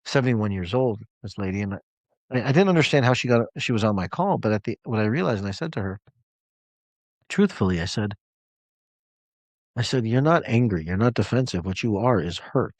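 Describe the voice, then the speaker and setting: A man's voice: fairly low pitch, lively intonation, normal speed, pauses often, no echo. A man coaching clients on a live call, telling a story in an emphatic, conversational way.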